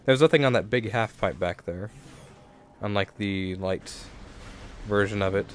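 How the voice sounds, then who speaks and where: A young man with a fairly low voice talks through a video game at home, casually rambling and stopping to correct himself mid-sentence. He speaks into a desk microphone, with a faint hiss of noise behind him. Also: a little slow. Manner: rambling, self-correcting, thinking aloud. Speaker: let's play host. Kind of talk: casual gameplay commentary.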